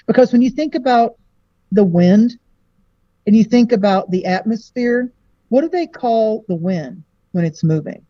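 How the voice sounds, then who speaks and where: A woman astrologer, a guest on a podcast, talking in a chatty way and acting out bits of dialogue in lively voices. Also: fairly high pitch, dry recording, dull audio. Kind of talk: podcast interview.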